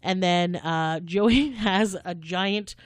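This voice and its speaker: A woman's voice: fairly low pitch, slow pace, dry recording, clean studio sound. A woman co-hosting a podcast, chatting in a rambling, giggly way. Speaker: podcast co-host. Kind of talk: casual chat.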